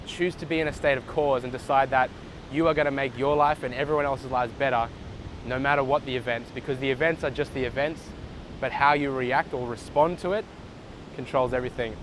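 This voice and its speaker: A man's voice: medium pitch, fairly even intonation, a little fast, noisy background. A man giving a motivational talk outdoors in the sun, earnest, encouraging and affectionate. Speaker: motivational vlogger. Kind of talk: motivational storytelling. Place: outdoors in the sun near water.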